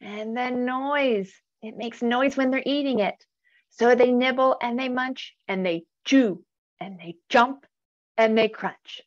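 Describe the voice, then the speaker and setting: A woman reading a picture book aloud to children, animated, gasping and asking questions as she goes. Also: fairly high pitch, slow pace, muffled recording. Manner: animated, gasps, asks listeners questions. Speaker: storytime reader.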